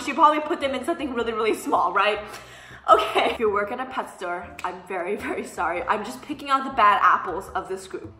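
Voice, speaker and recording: A young woman vlogger telling casual storytime anecdotes in an animated, sassy way, mimicking the people she quotes. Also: medium pitch. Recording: echoey room, faint background music.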